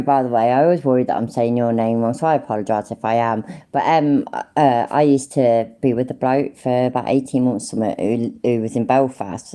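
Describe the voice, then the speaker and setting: Sweary low-voiced woman from Leicester. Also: dark tone. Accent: Leicester English. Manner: rambling, swears often, laughs easily. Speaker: live streamer. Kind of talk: casual sweary stream chat.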